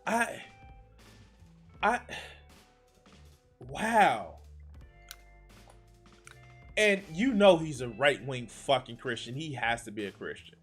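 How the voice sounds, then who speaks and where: A man's voice: medium pitch, animated, slow pace, long pauses, fairly bright tone, breathy edge, faint music behind. A man streaming live, reacting to a speech with profane, exasperated and sarcastic commentary that often trails off and restarts mid-sentence.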